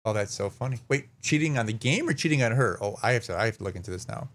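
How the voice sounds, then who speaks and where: A man's voice: on the low side, lively intonation, fast, fairly bright tone. Rambling man streaming casual chat. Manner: rambling, stumbles over names, swears. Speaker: streamer host. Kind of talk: casual live-stream chat, reading news aloud.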